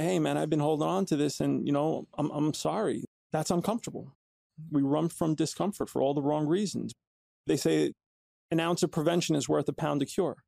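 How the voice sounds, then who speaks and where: Male podcast host, earnest and conversational, dark gravelly tone, slightly high pitch. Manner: earnest, conversational, repeats phrases. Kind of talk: reflective monologue.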